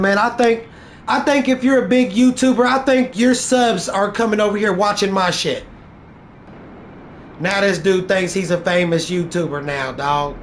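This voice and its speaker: A man with a high, raised voice trash-talks a rival player over his game commentary, taunting and boastful. He swears constantly and hammers the same jabs over and over. A faint hiss of noise sits under the recording. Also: vocal fry. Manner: taunting, boastful, profane, repeats lines for effect. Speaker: gaming YouTuber.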